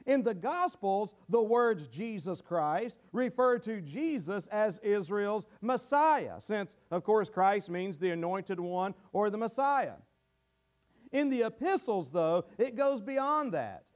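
A man's voice: sits high, sing-song, slow. A man preaching a sermon to his congregation, earnest and teaching verse by verse, often repeating words as he goes.

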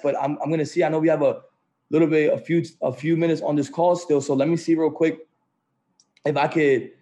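Male motivational host, slightly higher voice, upbeat and repetitive, talking over a video call. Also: a little mellow. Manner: upbeat, repetitive, keeps saying "right?" and "family". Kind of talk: motivational group call talk.

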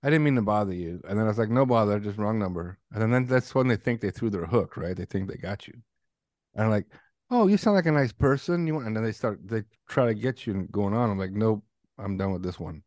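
A man co-hosting a podcast, telling a story in a deadpan way. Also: lowish voice, quick pace, dry recording, clean studio sound. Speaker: podcast co-host. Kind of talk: casual storytelling.

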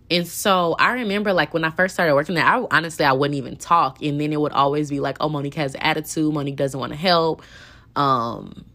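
A woman's voice: deep voice, a bit bright. A young woman hosting a podcast, telling a personal work story in a candid, indignant, chatty way with lots of fillers. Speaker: podcast host. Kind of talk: casual storytelling monologue.

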